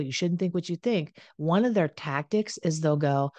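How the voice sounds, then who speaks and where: A low-pitched woman speaks straight to her listeners, giving relationship advice in a frank, conversational way. She repeats phrases for emphasis and swears now and then, and the recording is dry and close. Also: moderate pace, hardly any pauses, mellow, no room sound. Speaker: addiction and relationships coach. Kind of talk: direct-to-camera advice monologue.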